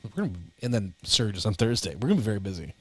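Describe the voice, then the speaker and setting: A man calling local high school baseball on radio, reading stats and chatting casually with fillers. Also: very fast, breathy edge. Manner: relaxed, chatty recap with fillers. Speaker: play-by-play announcer. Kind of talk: local radio sports broadcast.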